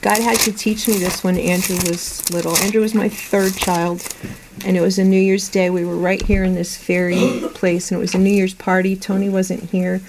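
A middle-aged woman preaching to a group in a meeting room, earnest and conversational, with lively anecdotes. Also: mid-range voice, normal speed, noisy background. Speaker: Bible teacher. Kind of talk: sermon to a women's group.

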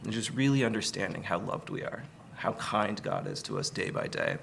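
A man giving a conversational Sunday sermon, relaxed, with many fillers and light humor. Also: on the low side, moderate pace, gravelly, slight background noise. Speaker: preacher.

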